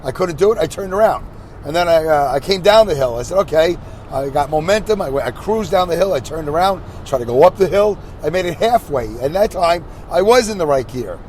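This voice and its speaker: A man's voice: on the high side, expressive, brisk, darkish tone, a little hiss or hum. A man from Brooklyn hosting a podcast, rambling in a self-deprecating way and talking to himself as he drives his minivan. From Brooklyn, New York. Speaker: podcast host. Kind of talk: rambling solo monologue while driving. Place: inside a minivan on the highway.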